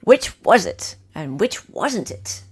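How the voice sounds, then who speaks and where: An Australian woman hosting a livestream quiz, playfully reading out multiple-choice options slowly and repeating them. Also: mid-range voice, very animated, darkish tone, slightly rough. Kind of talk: casual livestream chat.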